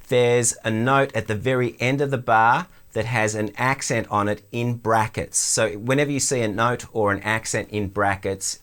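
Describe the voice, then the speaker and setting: Man, Australian accent, middle-aged, drum lesson, lowish voice, relaxed explaining. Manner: relaxed, explanatory, counts in before playing. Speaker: drum teacher. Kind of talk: instructional demonstration.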